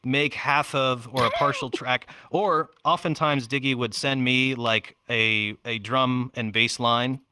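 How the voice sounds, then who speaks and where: A man's voice: mid-range voice, steady tone, a little slow, few pauses, pushed and bright, smooth, no echo, clean studio sound. A man chatting as a podcast guest in an easygoing, giggly way. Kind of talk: casual podcast chat.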